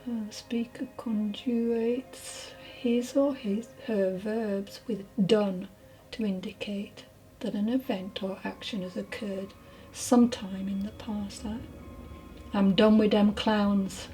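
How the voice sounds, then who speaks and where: A woman giving a channelled mediumship reading, hesitant and apologetic, often dropping into soft whispered asides. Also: mid-range voice, fairly even intonation, slow, faint music behind, poor audio. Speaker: spiritual medium.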